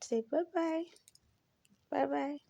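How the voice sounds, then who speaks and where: A woman's voice: high-pitched, takes it slowly, vocal fry, warm tone, muffled recording. A woman in a casual monologue, talking bluntly and with plenty of profanity as she reflects on her own life. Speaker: vlogger.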